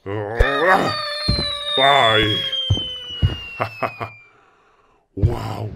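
A man's voice: medium pitch, lively intonation, drawn-out words, gravelly, pauses often, noisy background. Man with hammy pirate growls. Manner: exaggerated groans, pirate growls and laughing. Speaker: skit performer. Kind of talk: comic game-character skit.

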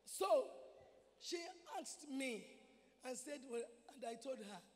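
A woman with a Nigerian Igbo accent preaching a sermon at a convention, impassioned and at times shouting exhortations. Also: high voice, slow. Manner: impassioned, shifts between speaking and shouting exhortations. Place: convention hall. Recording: long hall reverb.

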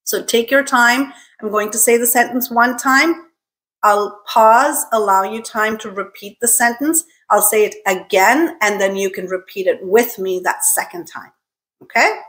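A woman's voice: fairly high pitch, measured pace, a bit bright. A woman teaching English pronunciation, carefully modeling each word three times for learners to repeat. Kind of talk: pronunciation lesson with repeat-after-me drills.

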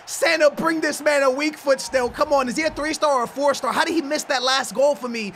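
A young man giving excited commentary over his own soccer video game match, yelling at goals and humming between plays. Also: extremely high pitch, brisk, gravelly, a little hiss or hum. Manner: hyped, yelling at goals, playful banter; hums and sings snatches between plays. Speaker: gaming YouTuber.

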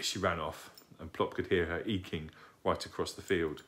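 A man calmly reading a children's book aloud as narrator. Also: deep voice, normal speed.

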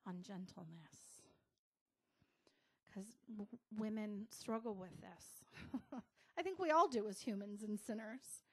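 A middle-aged American woman pastor giving a casual, conversational sermon with soft asides. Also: medium pitch.

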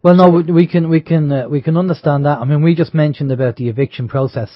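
A man's voice: a little high, fairly even intonation, quick pace, dry recording, lo-fi sound. A man hosting a radio talk show, speaking earnestly in a rambling way with many fillers. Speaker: radio host.

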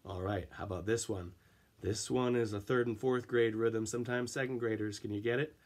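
A man's voice: lowish voice, fairly even intonation, brisk, darkish tone. A man teaching an elementary music class, counting in and chanting rhythm syllables for the children to clap along.

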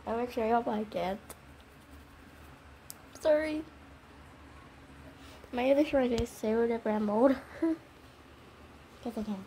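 A woman hosting her channel, reading a story aloud and giving halting, emotional reactions between bursts of laughter. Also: a little high, steady tone, dark tone, a little hiss or hum. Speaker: channel host. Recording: music playing under the voice.

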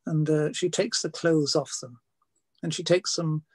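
An older man preaches from the pulpit, his voice a little high and breathy. He tells homely stories, stumbling over fillers and restarts. The sound is dry and close. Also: steady tone, a little slow, dry recording. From Wales. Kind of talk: sermon.

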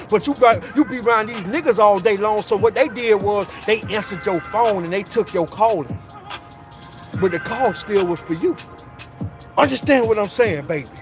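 A man giving a preachy motivational talk in street slang, repeating phrases in a steady preaching cadence. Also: sits high, moderate pace. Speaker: motivational speaker. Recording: clear music bed under voice.

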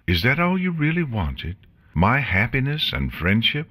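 A man's voice: medium pitch, wildly swooping pitch, measured pace, pitched above the performer's own voice, heavily acted. A man voicing a remorseful young ex-changeling queen. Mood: hopeful. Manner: quiet, earnest, formal speech. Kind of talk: audiobook reading of fan fiction.

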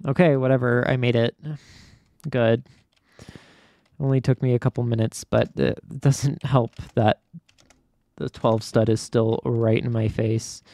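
A man chats through his gameplay in a casual, excitable way, often stammering and thinking aloud. His voice sits at a middle pitch. The sound is dry and close, with keyboard typing in the background. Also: measured pace, long pauses, dry recording. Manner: talks to himself, stammers, excitable. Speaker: gaming YouTuber.

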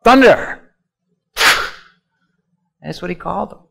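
A male pastor preaching a sermon, swinging from loud emphatic lines to hushed asides and having the congregation repeat words after him. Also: on the high side, big pitch swings, slow pace, gravelly.

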